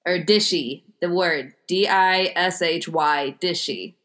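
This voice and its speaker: A woman's voice: on the low side, slow pace, a bit bright. A young American woman co-hosting a casual chat, laid-back as she quizzes her co-host. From United States. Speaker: podcast co-host.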